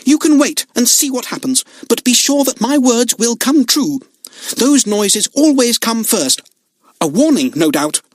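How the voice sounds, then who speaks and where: Man reading a harsh loud superstitious woman, high, very lively pitch, insistent warnings, dry close audiobook. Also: measured pace, no room sound, exaggerated voice. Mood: indignant. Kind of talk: audiobook character voice.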